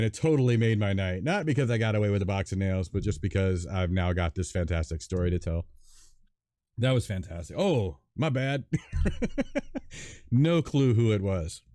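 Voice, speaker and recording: Male host, low voice, very lively pitch, dry close sound, casual chat, enthusiastic storytelling. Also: no echo. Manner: enthusiastic storyteller, chuckles often. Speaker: stream host.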